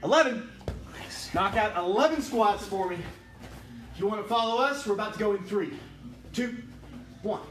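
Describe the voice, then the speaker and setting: High-voiced man coaching a workout class. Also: moderate pace, long pauses, a bit bright. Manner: upbeat, counting reps, joking with students. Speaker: kickboxing instructor. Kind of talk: livestreamed workout class instruction. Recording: echoey room with music behind.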